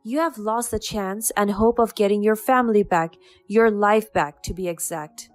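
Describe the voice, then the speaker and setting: A woman's voice: medium pitch, normal speed, close to an everyday voice. A woman voicing a defiant young woman who speaks to her estranged father in a cutting, firm way, over faint background music.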